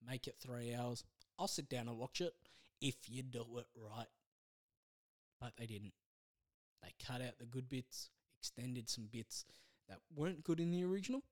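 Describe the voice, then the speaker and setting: A man hosting his own podcast, rambling casually through a movie review with self-deprecating asides and halting restarts. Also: mid-range voice. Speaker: podcast host.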